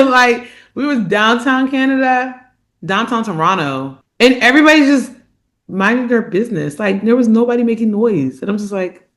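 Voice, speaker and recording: An American woman co-hosting a podcast, telling stories in an animated, casual way. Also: fairly high pitch. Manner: animated storyteller, drawn-out complaints. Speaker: podcast co-host. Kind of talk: casual chat.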